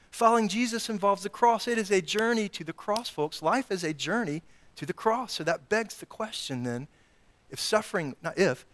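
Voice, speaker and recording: A man with a fairly high voice preaches a sermon from the pulpit. He slips into the voices of Jesus and Peter with real animation, then turns to his congregation with one rhetorical question after another. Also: fairly bright tone. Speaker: pastor.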